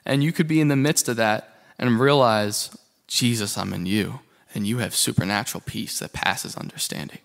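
A man's voice: lowish voice, normal speed, gravelly. A man preaching a sermon to a congregation, passionate, with rhetorical questions and rising and falling emphasis. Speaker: pastor.

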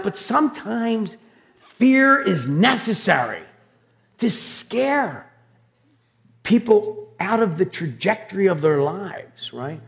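A man preaching a sermon, telling stories in a loud, animated, dramatic way. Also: sits high, creaky. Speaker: pastor. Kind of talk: sermon with personal storytelling.

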